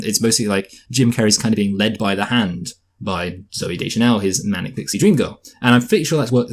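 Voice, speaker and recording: A man with a husky, lowish voice talks fast through a casual film review. He rambles and restarts often, with a jokey tone. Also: a little mellow. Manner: rambling, self-correcting, jokey. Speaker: podcast co-host, film reviewer.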